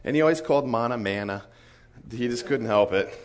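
A man, a missionary, telling an animated story in a sermon, chuckling often and acting out the people in it. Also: medium pitch, fast talker.

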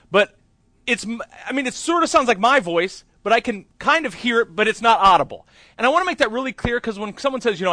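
A man's voice: high voice, bright, forceful tone, no room sound. A man preaching a conversational sermon, telling a candid, self-deprecating story with chatty asides. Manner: chatty with many fillers and asides. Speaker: pastor.

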